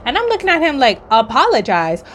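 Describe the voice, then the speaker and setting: A woman's voice: on the high side, lively intonation, fairly quick, fairly bright tone, a little hiss or hum. A young woman from Hawaii telling a work story in a blunt, sassy, heated way, with swearing and slang. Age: young adult. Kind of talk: casual storytime monologue.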